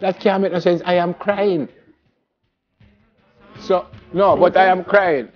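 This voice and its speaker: A man's voice: high-pitched, takes it slowly, highs cut off, faint music behind. A Jamaican man hosting a morning show, telling childhood stories in casual chat and laughing often. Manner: lively storytelling, laughs often.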